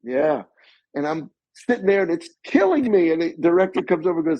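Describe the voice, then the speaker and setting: A man being interviewed as a guest actor, telling animated stories and acting out other people's voices. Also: fairly high pitch, fairly quick, dry recording. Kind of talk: anecdotal storytelling. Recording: slightly muffled recording.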